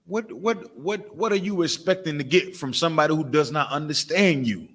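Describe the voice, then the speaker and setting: Brief: male preacher, somewhat high voice, tense and forceful, profane and animated sermon full of rhetorical questions. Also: moderate pace. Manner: animated, mimics crying and barking for laughs. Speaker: preacher of a religious camp. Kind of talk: fiery street-style sermon.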